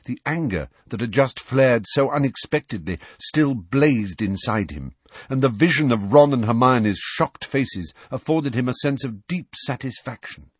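A man's voice: mid-range voice, expressive, a little slow, husky, no echo. A man narrating a storybook aloud, reading expressively. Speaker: audiobook narrator.

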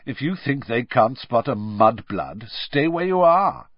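Brief: sneering drawling schoolboy wizard, read by a man, unhurried contempt, audiobook. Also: mid-range voice, big pitch swings, dry recording, lo-fi sound.

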